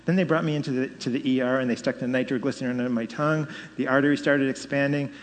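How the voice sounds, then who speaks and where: A middle-aged man tells his story of faith in a lively, storytelling way, his voice rising when he stresses a point. His voice sits at an ordinary pitch and carries a long reverb, as if he were speaking in a large hall. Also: fast talker. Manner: animated storytelling with laughs and rising emphasis. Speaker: speaker giving testimony. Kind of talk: personal testimony.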